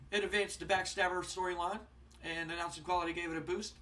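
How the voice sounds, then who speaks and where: A man with a high voice narrating a wrestling sim playthrough in a relaxed, rambling way. He sounds a little distant from his microphone. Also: fast talker. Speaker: game let's player. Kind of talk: let's play commentary narrating a wrestling sim. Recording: voice distant from the mic.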